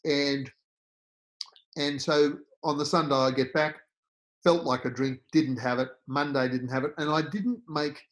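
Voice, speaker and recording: A middle-aged Australian man, a podcast guest, telling personal stories in an animated way and acting out the voices he quotes. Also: on the high side, a little slow, poor audio. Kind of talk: storytelling interview.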